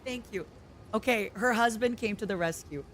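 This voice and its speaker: A woman streamer chatting casually while she plays, excitable and giggly, breaking into squeals. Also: mid-range voice, moderate pace, a little hiss or hum. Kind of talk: casual live-stream chat while gaming.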